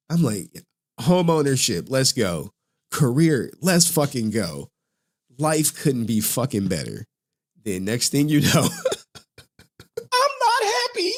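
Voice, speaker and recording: A man's voice: medium pitch, a little mellow. A man in his forties hosting a casual livestream, swearing often, laughing through his words and getting emotional. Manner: profane, laughing, emotional, slangy. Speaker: livestream host.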